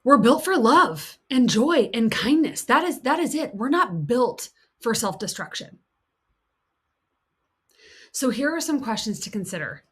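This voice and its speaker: With a voice on the high side and slightly rough, a female coach delivers a sincere teaching talk. She echoes her main points for emphasis, gives voice to the harsh inner critic, and eases into a gentle, soothing tone when speaking of self-kindness.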